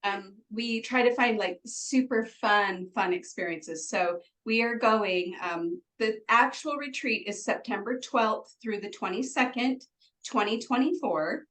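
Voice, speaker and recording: A woman's voice: fairly high pitch, measured pace, a bit bright, poor audio. A woman guest on an interview, bubbly and chatty, giggling often and filling with "like" and "um.". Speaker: guest, retreat organizer. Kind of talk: conversational interview.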